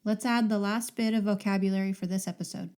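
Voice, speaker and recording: A woman's voice: medium pitch, steady tone, fast, a little mellow, smooth, soft background music. A woman hosting a podcast language lesson, patiently modelling sounds and words for listeners to repeat.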